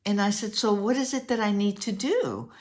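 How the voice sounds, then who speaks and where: An older woman telling a story in a casual, animated way, acting out both sides of a conversation. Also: mid-range voice, moderate pace. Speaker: vlogger.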